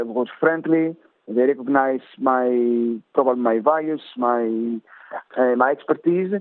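A man's voice: mid-range voice, dry recording. A man with a Greek accent, a cycling coach answering interview questions, hesitant with many fillers and restarts. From Greece. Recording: tinny phone-like line.

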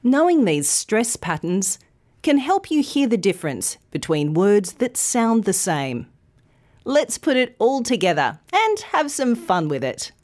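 A woman narrates a scripted English lesson at an unhurried pace. Her pitch moves a lot as she leans on each word, and she pronounces every syllable carefully and clearly. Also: very animated, a little mellow. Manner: slow, clear, carefully enunciated teaching. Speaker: English teacher.

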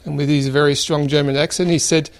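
A man in his fifties with an Australian accent, telling family stories in a relaxed, rambling way with many fillers. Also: on the high side, fast. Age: 50s. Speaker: interviewee. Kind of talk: relaxed storytelling.

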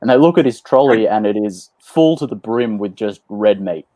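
A man on a sports panel, telling jokes in a dry, deadpan way. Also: lowish voice, normal speed, no room sound. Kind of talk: casual panel chat.

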